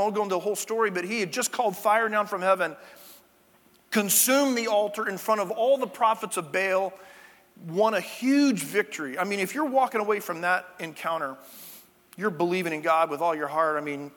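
A man's voice: sits high, a little fast, a bit bright. A male pastor giving a conversational sermon, with chatty, jokey asides to the congregation, in a church sanctuary. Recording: long church-hall reverb.

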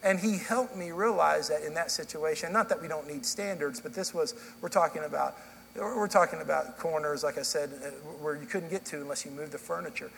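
A middle-aged male pastor preaches in a fairly high voice, telling stories in a loose, conversational way and often restarting his sentences. His words ring out with a long hall reverb in a church, and a faint hum sits underneath. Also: brisk, vocal fry, fairly bright tone. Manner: conversational storytelling with frequent restarts. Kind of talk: sermon. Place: church sanctuary.

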